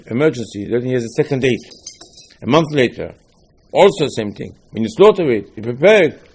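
Man, rabbi giving a Torah lesson, husky voice, lively rhetorical style. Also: medium pitch. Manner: animated, rhetorical questions, repeats phrases.

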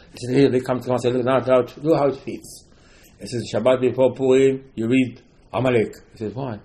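A man's voice: mid-range voice, a little mellow, rough recording. A man giving an informal religious talk, telling a story with many repetitions and emphatic rising outbursts. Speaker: religious teacher.

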